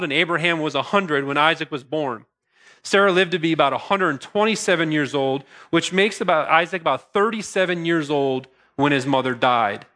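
A middle-aged pastor preaching to his congregation in a bright, forceful voice pitched a little high for a man. He talks earnestly, slipping into casual asides and restarting his sentences as he goes. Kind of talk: sermon.

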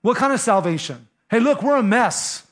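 A man's voice: very high voice, expressive, moderate pace, a bit bright. A male pastor preaching a sermon, conversational and emphatic, speaking directly to the listeners.

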